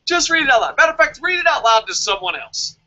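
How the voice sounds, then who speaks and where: A man with a high, bright, forceful voice rants through a wrestling review, sarcastic and full of swearing. The audio is dull and lo-fi. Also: quick pace. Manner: sarcastic, swears a lot, animated. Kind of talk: casual profane review rant.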